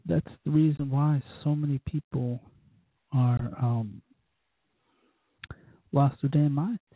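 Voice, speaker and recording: A man's voice: mid-range voice, fairly even intonation, takes it slowly, dry recording. A man hosting his own talk show, ranting heatedly about politics and cursing freely. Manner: heated, cursing, mocks others in put-on voices. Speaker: show host. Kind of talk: profane political rant. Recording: dry, tinny phone-like sound.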